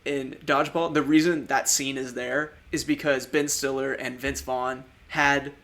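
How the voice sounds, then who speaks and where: A man's voice: mid-range voice, level tone, unhurried, a bit bright. A man co-hosting a podcast, chatting casually about movies, rambling, trailing off and laughing often. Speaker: podcast co-host.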